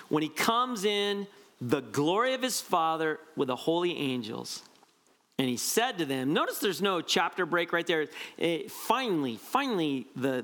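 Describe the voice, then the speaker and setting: A man preaching a conversational, animated sermon, often asking "right?" to his listeners. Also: fairly high pitch. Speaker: pastor.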